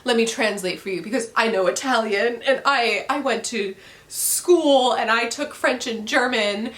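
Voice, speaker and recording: A woman's voice: fairly high pitch, unhurried, a bit bright, echoey room. A woman mimicking a smug know-it-all girl. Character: smug young woman bragging she knows Italian.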